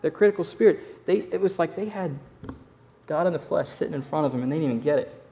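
A man's voice: a little high, expressive, fast, dark tone. A man preaching a sermon in a conversational, emphatic way, repeating his key phrases for weight. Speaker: pastor.

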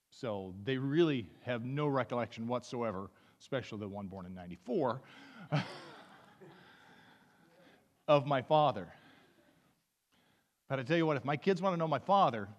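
A man's voice: medium pitch, dull audio. A pastor in his fifties preaching a sermon, earnest and building to emphatic peaks as he reads scripture aloud. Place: church sanctuary. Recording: long hall reverb.

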